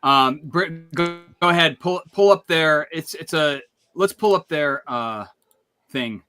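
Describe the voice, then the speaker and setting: A man's voice: on the high side, a little slow, pushed and bright, smooth, faint music behind. A man hosting a casual livestream, upbeat and hyping things up, often restarting his sentences. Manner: upbeat hype, rambling restarts. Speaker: livestream host.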